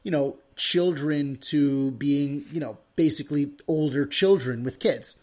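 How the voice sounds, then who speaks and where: Easygoing podcast host, man, slightly raised pitch, relaxed interview questions. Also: measured pace. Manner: easygoing, asks questions with filler.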